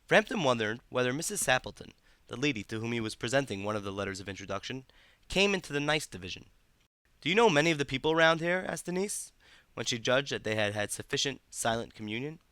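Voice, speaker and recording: Male storybook narrator, expressive, smooth and dry sound. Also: mid-range voice, quick pace, dry recording. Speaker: audiobook narrator.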